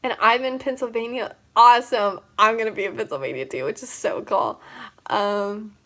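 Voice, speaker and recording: Young woman just chatting on a livestream, giggles a lot, voice a bit on the high side. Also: moderate pace, pushed and bright. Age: young adult. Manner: giggly, rambling, many fillers. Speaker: vlogger. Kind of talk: casual livestream chat.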